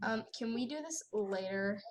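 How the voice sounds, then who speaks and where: A woman's voice: fairly high pitch, expressive, normal speed. A woman ranting with sassy indignation while commentating her gameplay at home by the computer. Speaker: gaming channel host.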